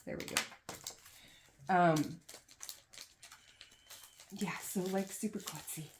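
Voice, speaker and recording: Against a noisy background, a young crafting vlogger with a fairly low voice chats casually while sorting craft supplies at home. Kids are in another room, and she rambles, uses many fillers, and pokes fun at herself.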